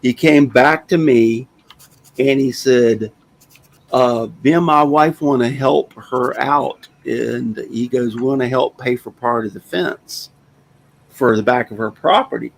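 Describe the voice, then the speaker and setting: An older man in his sixties with a gravelly, creaky voice that sits at an ordinary pitch. He hosts a casual talk show and tells a rambling, folksy story in a plainspoken way. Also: unhurried, a little hiss or hum, rough recording. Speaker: host.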